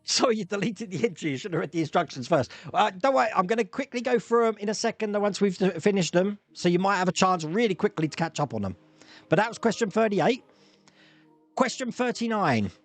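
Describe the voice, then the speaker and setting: Lively high-voiced man hosting a quiz. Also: a little fast, no room sound, soft background music. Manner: jokey, laughs often, reads out multiple-choice options. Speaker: quiz host. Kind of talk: live-streamed pub quiz hosting.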